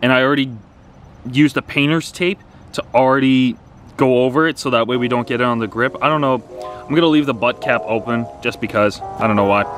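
A man's voice: mid-range voice, brisk, a bit bright, soft background music. Casual young man vlogging a project. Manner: chatty, thinks aloud while choosing. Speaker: tennis vlogger. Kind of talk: casual vlog narration.

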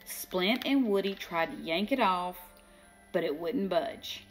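An older woman reading a children's storybook aloud, slow and expressive, giving the characters their own voices. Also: lowish voice, soft background music. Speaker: children's book reader.

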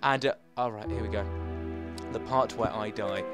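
A young man giving casual let's-play commentary, chatting to his pets and himself and jumping into high-pitched shouts. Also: moderate pace, over music. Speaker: gaming channel host.

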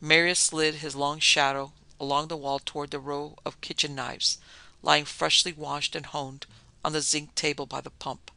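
A man narrating a classic horror story in a measured, dramatic storytelling manner. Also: fairly high pitch, little pitch movement, vocal fry, pushed and bright, no room sound. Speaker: podcast narrator.

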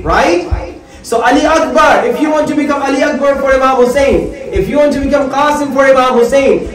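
A male cleric giving a repetitive, emphatic sermon to children, speaking straight to his listeners. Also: high-pitched. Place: prayer hall of an Islamic centre. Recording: echoey hall, distant mic, audience audible.

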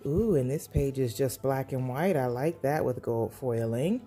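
A woman's voice: very deep voice, measured pace, mellow, husky, soft background music. A woman gushing through a casual sticker book review for her planner channel at home. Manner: gushing, enthusiastic, repeats praise. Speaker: planner vlogger.

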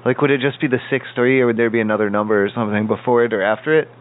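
A man's voice: medium pitch, racing. A man making a prank phone call, playing a confused, rambling hotel guest. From United States. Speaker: prank caller. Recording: tinny phone-like line, faint noise.

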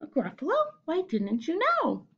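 A woman voicing a small, clever brown mouse in a storybook, unhurried and knowing. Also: very high-pitched, wildly swooping pitch, fairly bright tone, muffled recording, voice pushed up, exaggerated voice. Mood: sly.

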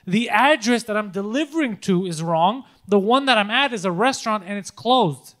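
A man's voice: sits high, animated, quick pace, a bit bright. A man co-hosting a comedy podcast, telling a story in a casual way, swearing and laughing often. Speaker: podcast co-host.

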